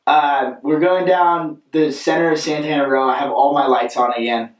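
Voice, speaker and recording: A young man co-hosting a podcast, telling a rambling, animated story in casual chat and often asking "right?". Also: fairly high pitch, normal speed. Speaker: podcast co-host. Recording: echoey room, mic at a distance.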